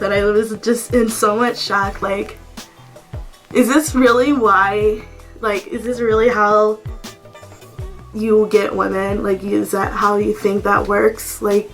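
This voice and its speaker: Woman vlogger, storytime, mid pitch, blunt and fed-up, says "like" constantly, faint music bed. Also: little pitch movement, slow, a bit bright. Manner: blunt, exasperated storytelling, heavy use of "like". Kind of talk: storytime vlog.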